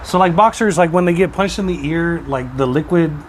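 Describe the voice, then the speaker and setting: A man's voice: fairly high pitch, brisk, a little hiss or hum. A man in his forties co-hosting a podcast in casual chat, telling crude jokes and laughing at them. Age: 40s. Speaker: podcast co-host.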